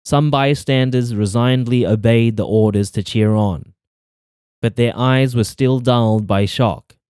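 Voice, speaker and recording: A man reading a novel aloud as an audiobook narrator in measured, even storytelling. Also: mid-range voice, clean tone, no echo, studio quality. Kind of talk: scripted narration.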